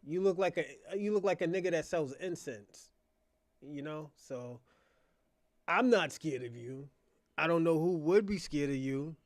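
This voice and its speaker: Loud, mocking man, dry close mic. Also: on the high side, lively intonation, a little slow, no room sound. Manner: mocking, laughing, swings from quiet mutters to loud outbursts. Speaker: host of his own channel. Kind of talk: casual unscripted monologue.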